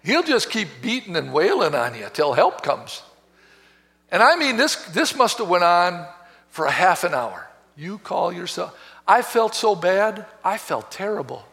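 A man preaching a sermon as pastor, telling a story with passion, swinging between hushed and loud. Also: high-pitched, sing-song, unhurried. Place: church sanctuary. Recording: reverberant church hall.

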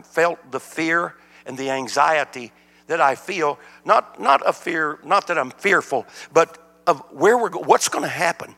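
Older preacher with gravelly voice. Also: male voice, a little high. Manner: folksy storytelling, animated. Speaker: guest preacher. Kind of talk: sermon. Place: church sanctuary. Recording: church hall reverb.

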